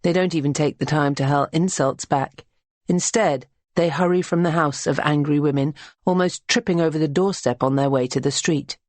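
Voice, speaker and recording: A woman narrating an audiobook in a measured, even reading. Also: low voice, no room sound. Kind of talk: scripted narration.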